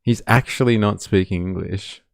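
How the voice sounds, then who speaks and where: A man's voice: fairly low pitch, moderate pace, creaky, no room sound, clean studio sound. A man hosting a live stream and reacting to clips, sarcastic and laughing as he talks to his chat. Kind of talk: casual reaction commentary.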